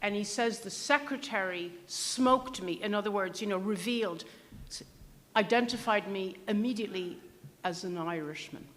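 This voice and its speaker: A woman's voice: mid-range voice, normal speed. A woman at a public history event, talking in a musing, conversational way. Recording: hall with long reverb.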